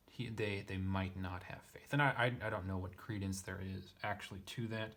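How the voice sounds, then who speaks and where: A man's voice: low voice, flat delivery, normal speed, few pauses, bright, forceful tone. A man teaching a text line by line, thinking aloud with frequent fillers and self-corrections. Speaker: Greek teacher. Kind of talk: casual lesson reading.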